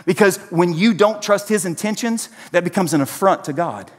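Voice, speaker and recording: A man's voice: high voice, moderate pace, few pauses, breathy edge, long reverb tail. A man, preaching a sermon and speaking directly to his congregation. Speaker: pastor.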